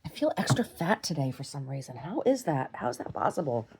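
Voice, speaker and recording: A woman's voice: rumbling low, big pitch swings, brisk, a little mellow, slight background noise. A woman rambling through a casual, self-deprecating video diary at home. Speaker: video diarist.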